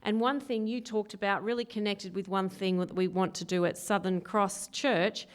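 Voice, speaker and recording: A woman's voice: medium pitch, fairly even intonation, normal speed. A woman hosting a church community event, enthusiastic and effusive as she thanks speakers. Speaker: event host.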